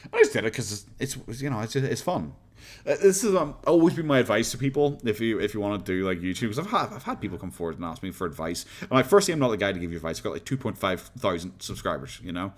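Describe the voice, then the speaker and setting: A man's voice: on the low side, lively intonation, quick pace. A man with an Irish accent chatting casually on a live stream, rambling, laughing often and swearing freely as he reads comments.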